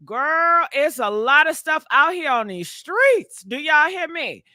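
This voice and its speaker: A woman's voice: high voice, big pitch swings, takes it slowly, pushed and bright, dry recording. A woman hosting a gossip live stream, talking in a sassy, chatty way straight to her viewers and laughing often. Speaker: gossip show host.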